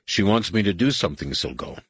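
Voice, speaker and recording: A man's voice: low-pitched, big pitch swings, a little fast, husky, no room sound, full character voice. A man voicing a young Jedi pleading with his dying wife, urgent and pleading. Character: anxious young male Jedi husband.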